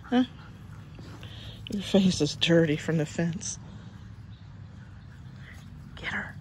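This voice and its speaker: A woman's voice: fairly low pitch, very slow, long pauses, darkish tone, a little hiss or hum. A woman fostering dogs, talking casually and cooing coaxing baby talk to puppies in an outdoor yard. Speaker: dog foster carer.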